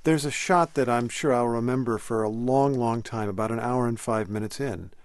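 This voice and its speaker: A man interviewing a filmmaker, describing scenes and asking questions in a measured way. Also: medium pitch, no room sound. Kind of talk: radio-style interview questions and film description.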